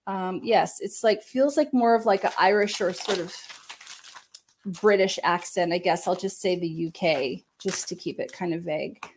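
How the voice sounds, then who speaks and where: A woman working as a medium gives a gentle, meandering psychic reading on a live stream, speaking into a computer with many fillers and hedges. Her voice is lowish at a moderate pace, with slight background noise.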